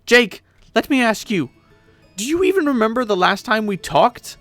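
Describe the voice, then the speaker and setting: A man voicing a furious young woman who shouts and snaps sarcastically at her friend, in a webcomic read aloud with voices. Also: high voice, big pitch swings, normal speed, no echo, faint music behind, pitched above the performer's own voice.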